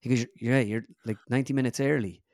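A man's voice: medium pitch, fairly even intonation, fast, a little mellow, no room sound, studio quality. A young Irish man, a guest comedian, telling a rambling golf story in casual chat, full of fillers. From Ireland.

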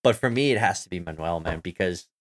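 Young man, podcast co-host, low voice, eager and rambling. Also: lively intonation, fast talker. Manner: enthusiastic, rambling with fillers and restarts. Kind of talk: casual chat.

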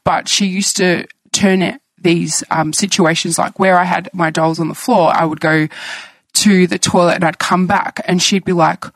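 Gravelly-voiced woman telling her story. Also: lowish voice, fairly even intonation, moderate pace, dry recording, rough recording. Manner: candid, reflective storytelling. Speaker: guest. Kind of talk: personal conversation.

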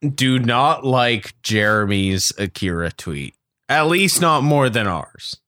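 A man's voice: medium pitch, expressive, slow, pushed and bright. A man chatting on a comedy podcast, joking and swearing, with frequent restarts. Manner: jokey, swears, stumbles and restarts. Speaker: podcast guest. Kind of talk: casual comedic banter.

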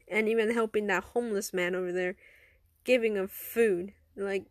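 A woman's voice: mid-range voice, fairly even intonation, moderate pace, no room sound, studio quality. A woman casually telling an improvised story, rambling with many restarts.

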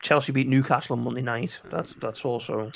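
A man's voice: mid-range voice, fairly even intonation, brisk, vocal fry, dry recording. Sarcastic male football podcast co-host. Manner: sarcastic, ranting, repeats words when starting. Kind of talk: casual football chat. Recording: slightly dull lo-fi mic.

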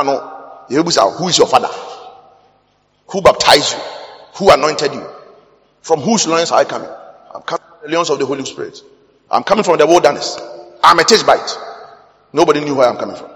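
A man with a Ghanaian accent preaching a sermon, mixing English with Twi and breaking into sudden loud bursts. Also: on the high side, fairly quick, pauses often. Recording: long hall reverb.

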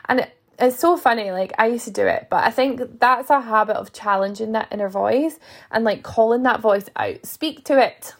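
Speaking at a moderate pace in a slightly high voice, a young woman hosts her own fitness-coaching podcast. She talks earnestly to her listeners in a motivational monologue, acting out little inner voices.

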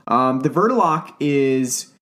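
A man co-hosting a casual film podcast, talking in a hesitant way with many pauses and fillers. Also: mid-range voice, expressive, fairly bright tone. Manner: hesitant, many ums and uhs. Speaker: podcast co-host.

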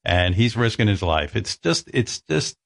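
Man, radio host, blunt, sarcastic, gravelly, dry sound. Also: on the low side, big pitch swings, unhurried, no echo. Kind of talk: talk radio.

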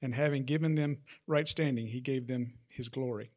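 A man's voice: medium pitch, steady tone, normal speed. Man reading scripture aloud to a group.

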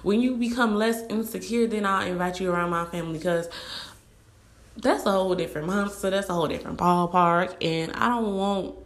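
A young woman talks straight to her audience in a blunt, animated rant. She speeds through her points and acts out little quoted asides. Her voice sits at an ordinary middle pitch for a woman. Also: a little fast. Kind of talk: casual rant to camera.

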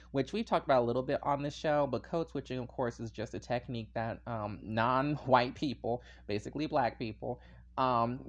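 A man hosting a podcast on his own, talking casually and animatedly, wandering into tangents and laughing often. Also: fairly high pitch. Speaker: podcast host. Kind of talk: casual solo podcast monologue.

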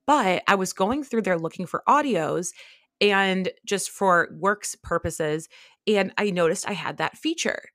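A young American woman co-hosts a podcast in a mid-range, fairly bright voice, recorded dry with clean studio sound. In casual chat she gushes, with heavy fillers and quick asides packed with "like."

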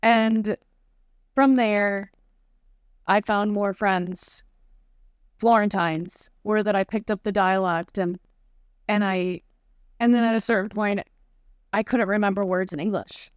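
A woman's voice: medium pitch, steady tone, slow, long pauses, clear, resonant tone, no room sound. Chatty woman from Chicago. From Chicago, USA. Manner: chatty, lots of "like" fillers, acts out quotes. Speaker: podcast guest. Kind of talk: casual chat.

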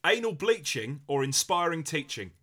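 Bright-voiced man, deadpan quips. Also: on the high side, moderate pace. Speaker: podcast co-host. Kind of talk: casual comedic chat.

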